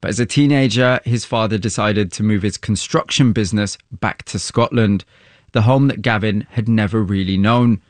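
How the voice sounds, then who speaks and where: A man presenting a radio programme, narrating a story and asking empathetic questions in a measured way. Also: lowish voice, no room sound. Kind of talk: radio documentary narration and interview.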